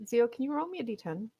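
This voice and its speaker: A woman's voice: a little high, gravelly, warm tone, slightly rough, no echo, clean studio sound. A woman running a tabletop game as game master, chatty and laughing often, with plenty of ums.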